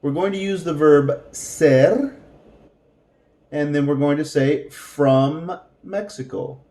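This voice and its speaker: Slow, patient man teaching a language. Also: a little high, warm tone, reverberant. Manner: slow, patient, repeats words for practice. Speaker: Spanish teacher. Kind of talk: language lesson.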